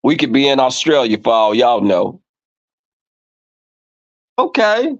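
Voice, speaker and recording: This livestream host talks slowly in a medium-pitched voice, swearing as he chats loosely with his viewers. His storytelling is lively and crude, with quoted back-and-forths performed aloud, all captured in flat, lo-fi stream sound.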